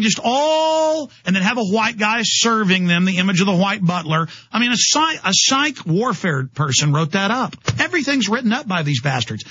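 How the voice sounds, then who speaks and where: A man's voice: sits high, pushed and bright, breathy edge, no echo, muffled recording. A man hosting a talk radio show, delivering an impassioned, ranting monologue straight to his listeners.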